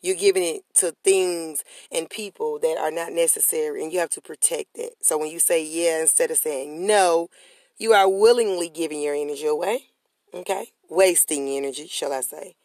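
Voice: medium pitch, moderate pace, darkish tone, no echo. A podcast host giving a motivational talk in a preachy way, repeating phrases and calling on listeners to answer back. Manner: preachy, repetitive call-and-response.

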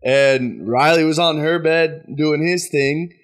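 Speaking slowly in a slightly high voice, a young man hosting a podcast chats casually through a story and keeps laughing at himself as he tells it.

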